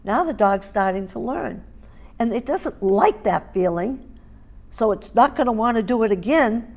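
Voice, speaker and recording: With a darkish, mid-range voice, this middle-aged dog grooming and training instructor runs a hands-on demonstration. She's emphatic, returning to key points and making sure her listeners are with her.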